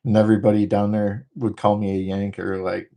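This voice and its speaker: A man from the northern United States hosting a casual livestream, talking fast and rambling through jokes while he reads out viewer comments. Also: on the low side, level tone, creaky, warm tone. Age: adult, former military. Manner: rambling, joking, talks fast. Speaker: livestream host.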